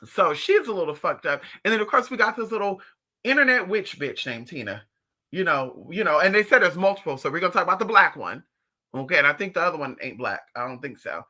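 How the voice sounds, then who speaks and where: Spiritual teacher doing a casual live stream: sharp, bright voice, lively pitch, profane and animated, with mocking impressions. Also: fast talker.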